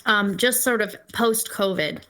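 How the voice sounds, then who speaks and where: A woman's voice: medium pitch, a little slow, sharp tone. A woman guest musician chatting casually in an interview, telling stories with enthusiasm. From Los Angeles-based. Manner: talks with her mouth full. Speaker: singer-songwriter guest.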